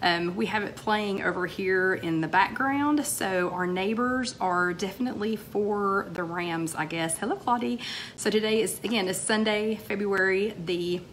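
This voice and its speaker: A woman, a little hoarse, hosting a casual live-stream chat and greeting viewers by name. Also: mid-range voice, a little slow, a bit bright, slight background noise. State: slightly hoarse. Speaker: livestream host. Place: home, TV playing in the background.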